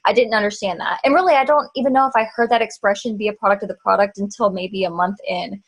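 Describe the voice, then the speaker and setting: A woman's voice: medium pitch, fairly even intonation, fast, slightly rough, rough recording. A woman hosting a casual team training on a video call, direct and practical.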